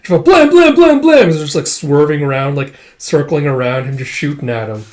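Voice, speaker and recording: A man's voice: medium pitch, steady tone, fast, a little mellow. A man casually reading through a manga and narrating the action, with rambling, profane asides. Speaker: manga reader. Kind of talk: casual read-through with commentary.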